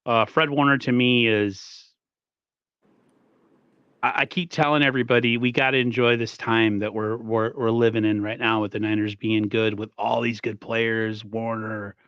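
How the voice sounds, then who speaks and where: A man riffs on his team's latest game with quick, eager energy. His mic sounds muffled and lo-fi. The room is dead dry with no echo at all. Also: medium pitch, flat delivery, a bit bright, smooth. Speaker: podcast host. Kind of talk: casual sports talk.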